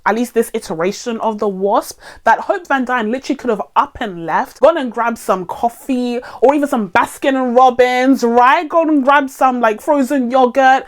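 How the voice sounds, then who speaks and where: A woman giving a casual movie review rant to her viewers, animated and sarcastic, laughing often. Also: fairly high pitch, moderate pace, few pauses.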